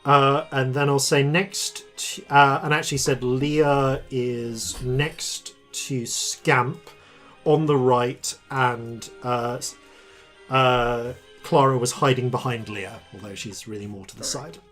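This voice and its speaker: Bright-voiced man running a tabletop game. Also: mid-range voice, fairly even intonation, faint music behind. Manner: laughing often, halting with many restarts. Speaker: dungeon master.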